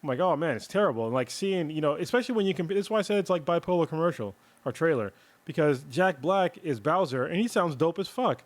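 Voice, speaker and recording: Fast-talking podcast co-host man. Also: a little high, lively intonation, dry recording. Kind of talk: casual podcast chat.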